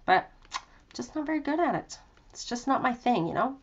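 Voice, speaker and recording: A woman's voice: a little high, lively intonation, fairly quick, highs cut off. A young woman hosting a live craft tutorial from her home craft room, chatty and self-deprecating, with lots of fillers. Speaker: craft demonstrator.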